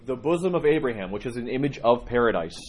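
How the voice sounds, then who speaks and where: A man teaching and telling stories in a lively way, acting out the people's lines as he speaks. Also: mid-range voice, fast talker. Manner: animated storytelling, acts out dialogue.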